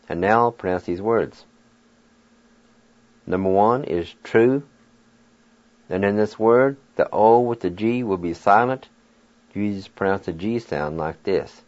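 A man's voice: low-pitched, takes it slowly, pauses often, a little mellow, muffled recording. A man hosting a radio language lesson who spells words out letter by letter and encourages his listeners. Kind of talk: slow, patient pronunciation lesson.

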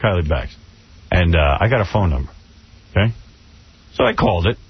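A man's voice: low-pitched, lively intonation, moderate pace, slightly rough, no echo. A male radio host in casual studio banter, telling wry, self-mocking stories. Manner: wry, self-mocking storyteller, slips into mimicry. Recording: dry, dull lo-fi radio broadcast.

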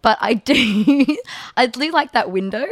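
A woman's voice: a little high, measured pace, dry recording, clean studio sound. A woman with an Australian accent co-hosting a casual radio chat, teasing and laughing. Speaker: radio co-host.

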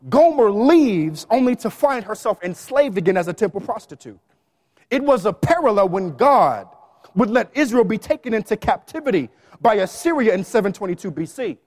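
A man preaching a sermon in a lively, playful way, with quick asides and bits of song. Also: high-pitched, big-room sound. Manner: animated preaching with playful asides and sung snippets.

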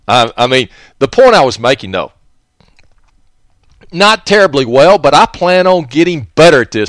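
A man's voice: mid-range voice, a bit bright, dry recording. A man hosting a radio talk show rambles on in a folksy way, chuckling to himself as he goes. His mid-range voice swings up and down a lot, and it sounds close and dry on a studio mic.

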